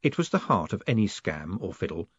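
A man narrating an audiobook in a dry, wry and measured way. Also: low-pitched, big pitch swings, breathy edge, dry recording. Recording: dull, dry studio read.

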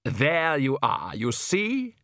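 Guy doing a smug genteel vampire count, slow and lilting, sing-song up and down, dry close sound. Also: medium pitch, wildly swooping pitch, a bit bright, dry recording, heavily acted. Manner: slow, genteel, self-satisfied. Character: pompous cheerful vampire count, father.

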